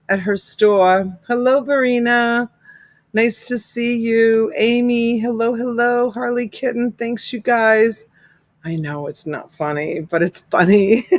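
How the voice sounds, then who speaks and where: A woman hosts a casual live stream, chatting easily and laughing often as she greets her viewers by name. Her voice sits at a medium pitch, and it is recorded close and dry with no room echo. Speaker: livestream host greeting viewers.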